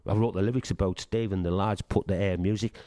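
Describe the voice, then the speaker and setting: A man's voice: low-pitched, fast, no echo, studio quality. Sunderland man telling band stories. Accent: Northeast English (Sunderland). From Sunderland, England. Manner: lively anecdotes, acts out quoted dialogue, swears freely. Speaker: punk band singer, guest. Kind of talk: casual interview storytelling.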